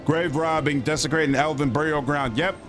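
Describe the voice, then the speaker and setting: A man's voice: on the high side, steady tone, a little fast. A man streaming a role-playing game, chatty and reactive, laughing often as he comments. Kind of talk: casual gameplay commentary. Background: game music.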